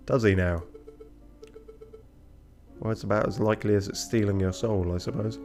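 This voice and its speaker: A man's voice: on the low side, fairly even intonation, normal speed, pauses often, a little mellow, faint music behind. A man giving casual game commentary, muttering wry asides as he plays. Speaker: let's play streamer.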